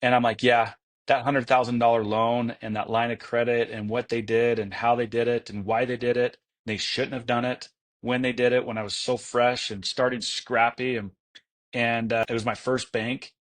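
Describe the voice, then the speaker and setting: A man's voice: mid-range voice, level tone, normal speed. Enthusiastic rambling man, interview guest. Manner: enthusiastic, rambling, many fillers and restarts. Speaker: guest, entrepreneur. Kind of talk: casual interview storytelling.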